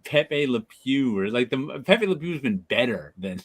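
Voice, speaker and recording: A man hosting a casual chat about comic books, laughing often and restarting his sentences when excited. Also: mid-range voice, normal speed. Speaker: podcast host.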